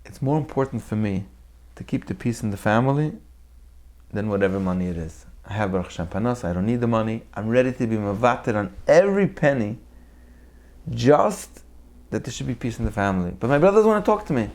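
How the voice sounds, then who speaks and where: A Torah teacher gives his weekly talk in a lowish, fairly quick voice. He tells stories with animation and acts out the people in them.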